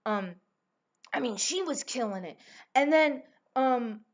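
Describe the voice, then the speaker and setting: Woman vlogger, casual gushing chat, slightly high voice, dull lo-fi sound. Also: animated, slow pace. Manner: gushing, full of fillers and restarts. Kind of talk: casual rambling vlog chat.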